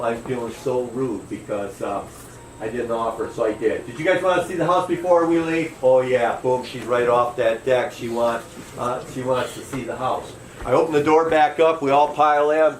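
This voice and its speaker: A man's voice: mid-range voice, steady tone, normal speed, slight background noise. Folksy storytelling man, roomy distant sound. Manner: folksy, conversational, acts out quotes. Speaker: boat captain. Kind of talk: live storytelling.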